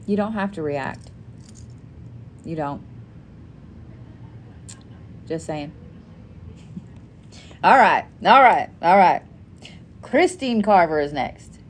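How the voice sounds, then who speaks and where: A woman hosting a casual live stream, telling stories with lots of swearing and lively asides to her audience. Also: on the low side, very slow, pauses often. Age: adult parent. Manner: animated storytelling, frequent swearing. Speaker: live-stream host making custom bracelets.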